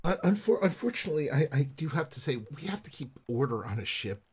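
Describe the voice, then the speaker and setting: A man voicing a smooth-talking woman ship's officer who stammers through false reasonableness. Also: a little high, sing-song, darkish tone, a little hiss or hum. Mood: smug. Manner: hesitant, halting restarts.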